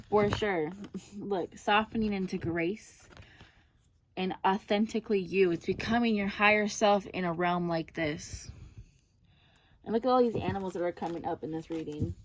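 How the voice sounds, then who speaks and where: A woman's voice: mid-range voice, darkish tone, slight background noise. A woman giving a casual personal tarot reading, chatty and effusive, often calling her listener "girl". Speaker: tarot card reader.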